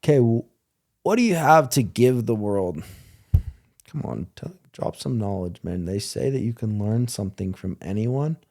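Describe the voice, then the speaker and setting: Joking, animated podcast host man. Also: lowish voice, moderate pace, gravelly. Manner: animated, joking, swears, laughs often. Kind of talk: casual chat.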